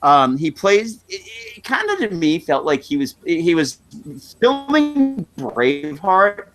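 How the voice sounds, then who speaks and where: A man co-hosting a podcast, chatting casually about a movie, halting and quick to laugh. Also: fairly high pitch. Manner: laughs easily, lively, halting. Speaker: podcast co-host. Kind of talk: casual movie review chat.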